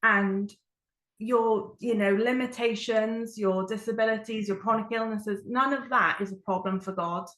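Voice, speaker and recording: A woman's voice: medium pitch, fairly even intonation, measured pace, fairly bright tone, reverberant. A woman giving an earnest, reflective personal testimony as a Christian speaker, with frequent fillers.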